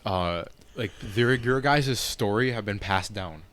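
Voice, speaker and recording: Rambling young man, lowish voice. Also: slow, fairly bright tone. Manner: rambling, restarts, lots of 'like'. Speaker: podcast host reading his own story draft. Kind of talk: casual chat.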